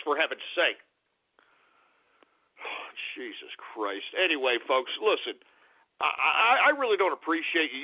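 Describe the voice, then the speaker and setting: Male call-in radio host, ranting, high and gravelly, tinny lo-fi sound. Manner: ranting, exasperated, stammering and swearing. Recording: phone-like lo-fi radio audio.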